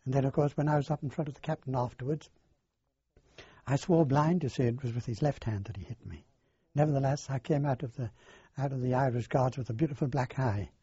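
An older man, recounting his past in a halting, rambling way in an oral history interview. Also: mid-range voice, warm tone, slightly rough, no echo. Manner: halting, rambling storyteller with many fillers. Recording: dull lo-fi dry recording.

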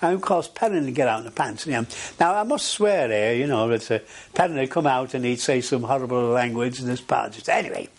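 A man's voice: medium pitch, animated, fast talker. Older man telling a wartime story. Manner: rambling storytelling with many fillers. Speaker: interviewee. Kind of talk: oral history interview.

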